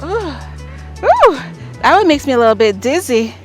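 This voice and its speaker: A woman's voice: a little high, animated, fast, soft background music. A woman vlogger leading a casual beginner yoga routine outdoors on a beach, chatty and encouraging and often checking in with "okay?". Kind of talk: casual instructional vlog.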